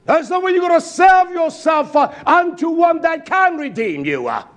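A male preacher with a high voice that leaps all over the place as he delivers his sermon. He talks emphatically, rising into loud bursts and then dropping to low murmurs. He keeps turning to his congregation with direct questions. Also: sing-song, normal speed.

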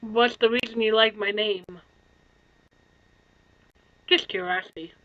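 A tired woman streamer in casual chat, soft-spoken and apologetic, yawning now and then. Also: mid-range voice, steady tone, measured pace, dull audio.

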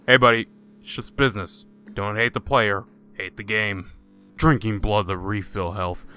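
A man's voice: on the low side, fairly even intonation, normal speed, bright, forceful tone, soft background music. A man hosting a casual gaming let's-play, joking sarcastically and talking back to the game's characters. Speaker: gaming channel host.

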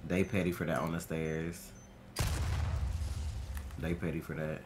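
A man streaming a horror game, talking to himself in casual, profane, excitable commentary. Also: a bass voice, unhurried, background noise. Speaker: gaming streamer.

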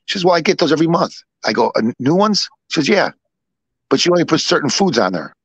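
A man's voice: a little high, very animated, fast, slightly rough, no echo. Chatty man with a dry close sound. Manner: rambling, repeats himself, acts out both sides of dialogue. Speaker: podcast co-host. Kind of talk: casual storytelling.

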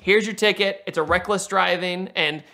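Gravelly, bright-voiced young man telling a story. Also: high voice, normal speed. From Virginia. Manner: animated, laughing, acting out quotes. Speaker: car storyteller. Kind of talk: casual storytelling.

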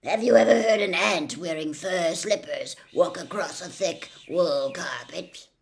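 A woman voicing a hoarse, croaking male doctor with a raspy voice in a storybook reading. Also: fairly low pitch, a little slow. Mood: curious.

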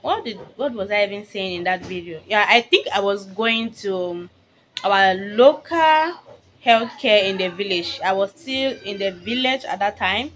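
Brief: young Cameroonian-born woman vlogger, bright and forceful voice, chatty tone toward her viewers, handheld phone outdoors. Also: mid-range voice, animated, unhurried, slight background noise. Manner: chatty, addresses viewers as sisters. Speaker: vlogger and new mother. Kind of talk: casual chat to camera. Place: outdoors on a street.

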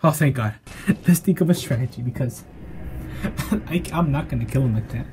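A man giving profane, jumpy commentary while playing a video game, swinging between yelling outbursts and self-mocking jokes. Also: medium pitch, normal speed, music in the background. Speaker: gameplay streamer. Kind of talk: live gameplay commentary.

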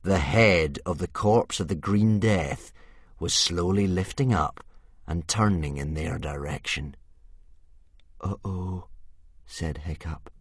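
Low-voiced man narrating an audiobook dramatically. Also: a little slow, dry recording, clean studio sound. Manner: vivid, dramatic storytelling that drops to a hush in tense moments.

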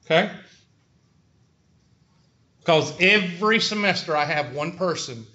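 A middle-aged man with a Southern American accent lectures a college class in a blunt, folksy way, often tossing questions to the students. His voice sits high and sounds bright and forceful. The recording is lo-fi and echoes around the classroom. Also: animated, unhurried. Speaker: college instructor.

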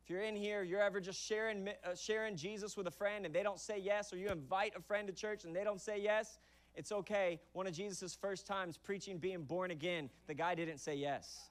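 A young adult man preaching a sermon in a church, conversational and animated, acting out quick bits of dialogue as he tells stories. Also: high voice. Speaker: pastor. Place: church auditorium.

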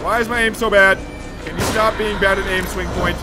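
A man playing a horror game, excitably joking and shouting at the monsters in a let's play commentary. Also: sits high, fairly quick. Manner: excitable, yelling at enemies, joking. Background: game music and sound effects.

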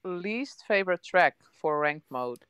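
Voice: mid-range voice, lively intonation, measured pace, a bit bright, smooth, dry recording, clean studio sound. A co-host on a casual livestream, reading out chat questions in a chatty, giggly way.

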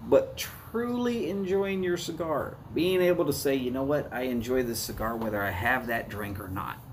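A man's voice: mid-range voice, moderate pace, slight background noise. A man with a Southern US accent hosting a live cigar review, chatting to viewers in a folksy way. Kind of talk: casual live-stream talk.

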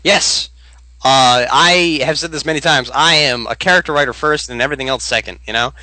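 Male co-host, bright forward voice, dry close mic, emphatic and opinionated. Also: mid-range voice, a little fast, no echo, rough recording. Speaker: podcast co-host and game master. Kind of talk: casual podcast chat.

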